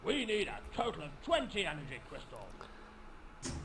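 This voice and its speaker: A brisk mission commander in a video game briefs his miners in a formal, instructive tone, voiced by a man. His gravelly voice rises and falls in a lively way. It sounds distant and sits over noticeable background noise. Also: high-pitched, heavily acted. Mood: briefing. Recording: distant, noisy game audio.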